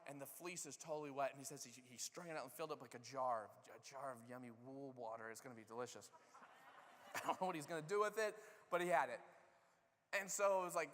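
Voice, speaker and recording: Animated man preaching in a reverberant hall. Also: fairly high pitch. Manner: animated storytelling, acting out characters' lines. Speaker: pastor. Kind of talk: sermon. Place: church sanctuary.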